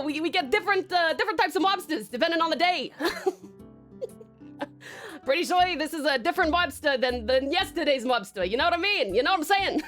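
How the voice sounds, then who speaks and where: A woman's voice: high-pitched, fairly bright tone. A woman from Tasmania, Australia, streaming live in casual chat, rambling and giggling as she greets viewers.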